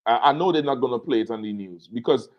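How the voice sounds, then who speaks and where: A man hosting a loose talk show, with a middling voice that is neither high nor low. He tells his story with energy and plays out every quote as he goes. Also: fast talker, dull audio. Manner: animated storytelling, acting out quotes. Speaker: show host. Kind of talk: casual show commentary.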